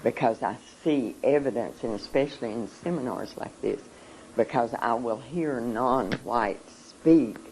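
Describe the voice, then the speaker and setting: An adult speaks at a seminar in a slow, deliberate way. The talk is earnest and emotional, with frequent pauses and repeated words. A faint background noise sits under the voice. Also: mid-range voice, darkish tone, poor audio.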